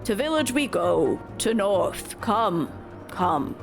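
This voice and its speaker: A grateful male bird-folk elder speaks in slow, stately broken phrases, as a woman puts on a deep voice. His words land with ceremony, each one drawn out. Game music plays clearly behind him. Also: very animated, full character voice.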